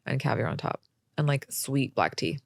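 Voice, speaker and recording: Creaky-voiced young woman telling stories. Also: rumbling low, expressive, moderate pace, no room sound, studio quality. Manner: chatty storyteller, acts out quoted voices. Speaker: podcast guest. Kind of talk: casual interview talk.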